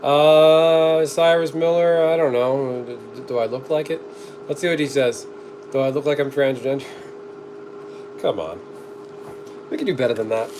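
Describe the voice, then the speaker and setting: A middle-aged man streams himself cooking, reading viewer comments aloud and chatting to the camera in a dry, joking way, coughing often. His voice sits a little high at a normal speed, with clear background noise behind it.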